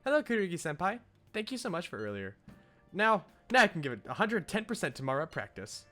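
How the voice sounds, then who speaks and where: A man's voice: sits high, sing-song, fast talker, soft background music, pitched above the performer's own voice, exaggerated voice. A man putting on an eager young female athlete. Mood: determined. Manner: bright, determined, promising.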